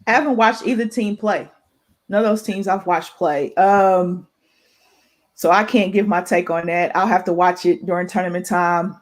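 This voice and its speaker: A woman's voice: lowish voice, fairly even intonation, moderate pace. A young woman on a sports talk panel, speaking hesitantly with frequent fillers. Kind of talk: casual sports chat.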